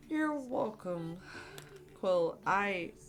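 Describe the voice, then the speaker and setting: A young woman streaming, congested and tired, chatting loosely with viewers and laughing often. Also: lowish voice. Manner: rambling, frequent laughs and fillers. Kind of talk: casual chat with stream viewers. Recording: faint music behind.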